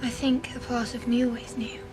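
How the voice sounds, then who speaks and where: An actress playing a gentle young princess with an English accent, speaking softly. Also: female voice, a little high, little pitch movement, moderate pace, over music, lightly acted. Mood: tender.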